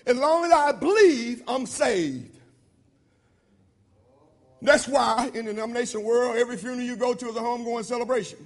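A man preaching a sermon in an informal, repetitive style, swinging between loud shouted emphasis and low murmured asides.

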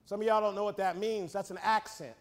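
A man preaching a sermon in a church, shifting between fast joking asides and loud shouted climaxes. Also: high-pitched, steady tone. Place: church sanctuary. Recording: reverberant church hall.

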